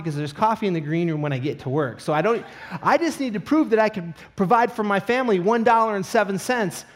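A middle-aged man preaching a sermon, telling a comic personal story with animated asides before turning to scripture. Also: high voice. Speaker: pastor.

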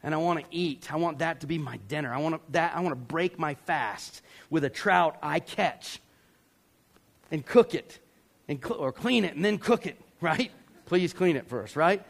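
A man from Georgia, preaching a sermon as a pastor, telling a story with animated acted-out voices. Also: on the high side, moderate pace, creaky. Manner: animated, acts out voices and yells for effect.

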